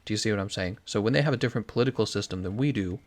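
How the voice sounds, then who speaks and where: Rambling American guy, lowish voice. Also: racing. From United States. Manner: rambling, opinionated, answers chat questions. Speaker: streamer. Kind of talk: casual commentary while gaming.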